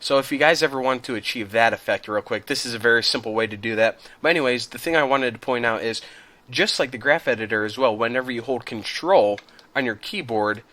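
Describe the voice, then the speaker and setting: A man hosting a casual screen-recorded software tutorial, relaxed and chatty, talking straight to his viewers and now and then clearing his throat. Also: medium pitch, brisk.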